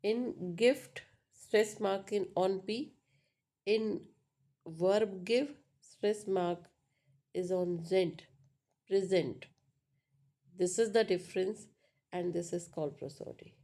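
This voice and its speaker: Speaking slowly in a warm, medium-pitched voice, an English teacher patiently explains pronunciation classroom-style. She repeats points and often checks in with "right?" and "uh."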